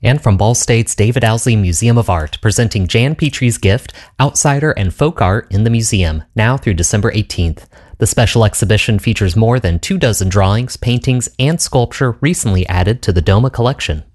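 A man reads a sponsor announcement for public radio in an even, formal manner. His voice sits on the low side. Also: moderate pace.

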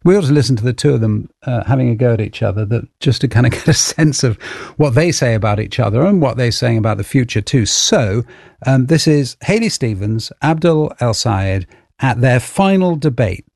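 A man's voice: medium pitch, expressive, fairly quick, vocal fry, a little mellow, no echo, studio quality. A man hosting a news program, guiding the conversation with conversational prompts and questions. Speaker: news host. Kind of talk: radio news interview.

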